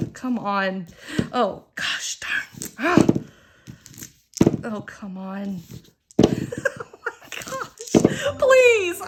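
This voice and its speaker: A woman's voice: a little high, fairly bright tone. A middle-aged woman hosting a budgeting channel, chatting casually and expressively while counting aloud through a savings game.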